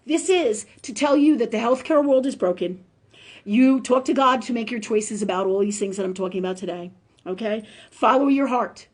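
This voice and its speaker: High-voiced woman in her fifties, ranting. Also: moderate pace. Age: 50s. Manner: angry, profane, emphatic ranting; quotes others in animated retellings. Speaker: host of a live spiritual talk stream. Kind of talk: live-stream monologue.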